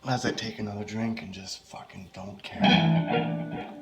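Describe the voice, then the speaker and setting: A low-voiced man narrating a first-person horror story as he goes, with no script. He talks casually, swears freely and trips over his words now and then. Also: unhurried, gravelly, pauses often, a little hiss or hum. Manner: stumbling, casual, profane.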